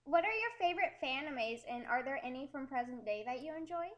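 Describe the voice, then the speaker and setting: A woman's voice: sits high, lively intonation, quick pace, lo-fi sound. A woman interviewing a creator, enthusiastic and giggly as she asks her questions.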